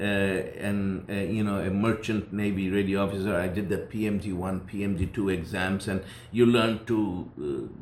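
Older man telling his story in a roomy space. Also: fairly low pitch. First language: former Muslim who grew up speaking English at home. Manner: rambling, many fillers and restarts. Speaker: preacher telling his testimony. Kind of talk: personal testimony storytelling. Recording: roomy echo.

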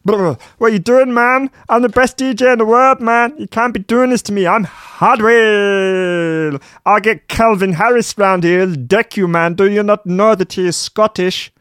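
A man voicing a whiny, boastful male DJ in a high, strained, nasal whine, in a dry room. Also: fairly even intonation, unhurried, fairly bright tone, clean tone, dry recording. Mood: indignant.

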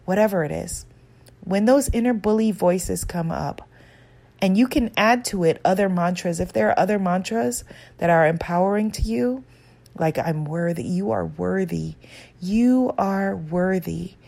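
A woman's voice: medium pitch, normal speed, darkish tone. A woman self-help author giving an earnest, encouraging guided talk on self-acceptance.

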